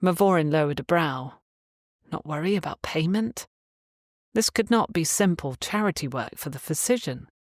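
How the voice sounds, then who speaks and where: A woman's voice: low voice, lively intonation, moderate pace, no echo. Woman narrating a romance audiobook, dry.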